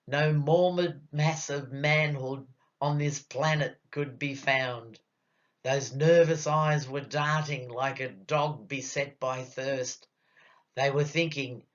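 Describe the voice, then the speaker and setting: Slow Australian man reciting comic verse. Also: a little high, a bit bright, highs cut off. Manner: theatrical, drawn-out storytelling delivery. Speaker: bush poet. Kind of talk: comic rhyming poetry recitation.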